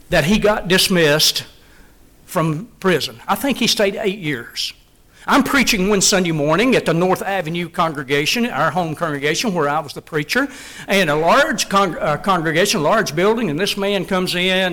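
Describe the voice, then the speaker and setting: A man's voice: high-pitched, a bit bright, poor audio. A middle-aged man preaching a sermon in an earnest, emphatic way, repeating phrases for stress.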